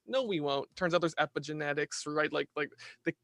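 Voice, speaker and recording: A man talking as a podcast guest in casual conversation, animated, restarting his sentences and asking "right?" often. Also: on the high side, a little fast, vocal fry, no room sound.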